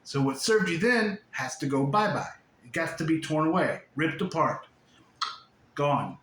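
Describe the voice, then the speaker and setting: A man giving a playful spiritual talk, laughing often and swinging between loud and hushed. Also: a little high, lively intonation, unhurried. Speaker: spiritual teacher. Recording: echoey room, faint background hiss.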